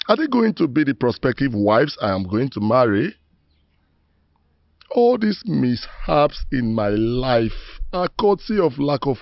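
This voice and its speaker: A man's voice: mid-range voice, creaky, no echo, dull audio, heavily acted. An actor with a Nigerian accent playing a remorseful middle-aged rogue who begs his ancestors for mercy in solemn, proverb-rich speech. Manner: pleading, proverb-laden oratory. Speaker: penitent man praying to his ancestors. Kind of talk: Nollywood film acting, solemn monologue.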